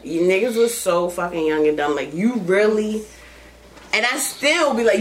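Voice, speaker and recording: Her mid-range voice has lively intonation and a moderate pace as she hosts a podcast. The chat is casual, blunt and full of swearing, and she laughs a lot while telling stories.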